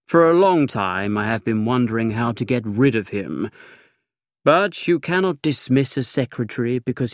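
Brief: male audiobook reader, unhurried and dry, close and dead-sounding recording. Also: mid-range voice, dry recording. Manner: languid, dry, measured first-person reading. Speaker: audiobook narrator. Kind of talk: scripted narration.

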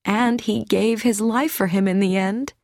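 A woman reading an audiobook, voicing a gentle, humble elderly woman who speaks softly and earnestly. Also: mid-range voice, fairly even intonation, unhurried, creaky, dry recording, studio quality. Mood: earnest wistful.

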